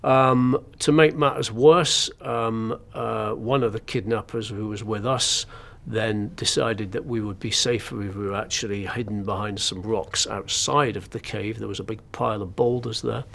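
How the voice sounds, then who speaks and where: A man with a somewhat low voice recounts his own ordeal in an interview. He talks in an understated, wry way, pausing often. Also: steady tone, creaky, fairly bright tone. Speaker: journalist recounting captivity. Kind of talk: first-person interview account.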